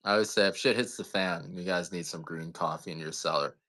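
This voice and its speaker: A man's voice: low-pitched, brisk, fairly bright tone. A man chatting casually while selling coffee on a live stream, rambling, joking and swearing now and then. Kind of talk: casual live-sale chat.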